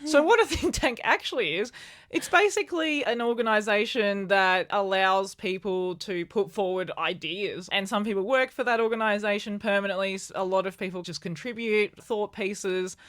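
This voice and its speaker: A woman's voice: medium pitch, moderate pace, a bit bright. Woman chatting, rambling, laughing. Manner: rambling, laughs often, many restarts. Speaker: podcast co-host. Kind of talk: casual chat.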